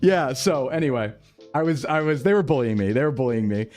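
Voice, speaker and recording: Lively, upbeat male streamer. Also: mid-range voice, a little fast, faint music behind. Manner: upbeat, chatty, greets chat by name. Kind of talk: casual live-stream chat.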